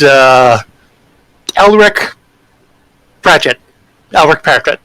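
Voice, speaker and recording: A man's voice: mid-range voice, moderate pace, pushed and bright, dry recording, low-quality recording. A man playing a tabletop game, speaking politely and confidently in character. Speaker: player.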